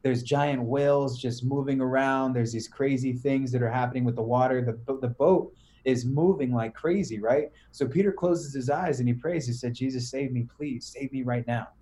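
A young man on a podcast, retelling a story in casual slang, animated, full of "bro" and "right?". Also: mid-range voice, moderate pace, few pauses. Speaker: podcast guest.

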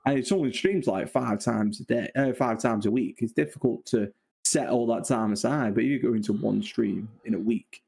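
Mancunian guy, self-deprecating, quick laughs, mid pitch, relaxed podcast chat. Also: creaky, husky. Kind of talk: casual chat.

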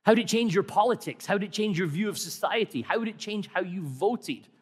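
A man's voice: sits high, expressive, a little fast, breathy edge. A middle-aged man preaching a sermon in a conversational, wry way, asking many rhetorical questions. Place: church hall. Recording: long hall reverb.

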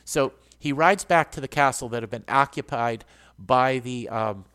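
A man's voice: mid-range voice, normal speed, fairly bright tone, clean tone. Earnest guy hosting a book chat, medium voice, explains stuff step by step. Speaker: host. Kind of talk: casual book talk and reading aloud.

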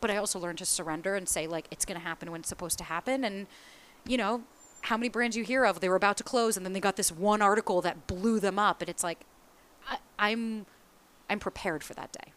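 A woman's voice: mid-range voice, quick pace, fairly bright tone. A woman from the US East Coast in casual conversation, speaking candidly and animatedly, swearing freely and acting out the voices of people she quotes. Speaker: small business founder.

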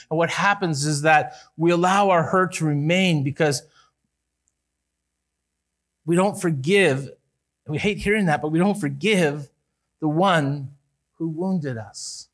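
High-voiced earnest man preaching. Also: a little slow, a bit bright. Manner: earnest, rises and falls with emphasis, some restarts. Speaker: pastor. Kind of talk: sermon.

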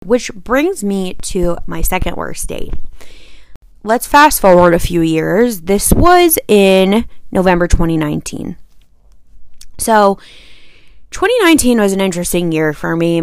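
A young woman hosting a podcast, telling a personal story in a chatty, animated way and acting out what people said. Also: medium pitch, clean tone, no echo. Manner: chatty, animated, acts out quotes with sighs and asides. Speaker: podcast host. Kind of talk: casual storytelling monologue.

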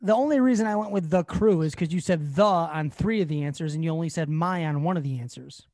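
A man playing a casual lyric-guessing game, excitable, swearing and now and then bursting into shouts. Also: fairly high pitch, fast talker, no echo, clean studio sound. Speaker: contestant.

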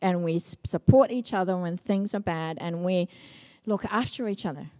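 A woman's voice: on the low side, moderate pace, a little mellow. A middle-aged woman from Samoa, preaching a sermon as pastor in an emphatic, repetitive way.

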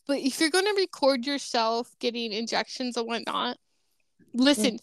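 A woman in casual chat, telling stories with animated delivery and acting out what other people said. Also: fairly high pitch, normal speed, dry recording. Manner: animated storytelling, acts out quoted people.

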